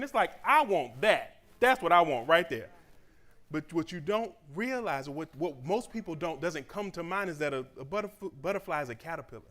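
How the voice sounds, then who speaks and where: A man from Southeast Georgia, giving a lively, conversational motivational speech at a church graduation celebration. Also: sits high. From Southeast Georgia, USA. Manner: animated and conversational, acting out quoted voices.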